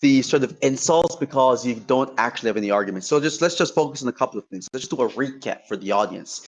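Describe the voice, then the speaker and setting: Here is a man arguing in an online voice-chat debate at a rapid clip, his voice sitting at an ordinary middle pitch. He is combative and profane, mocking his opponent, yet he keeps walking through his points one at a time. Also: animated. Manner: combative, profane trash talk; lays out points step by step.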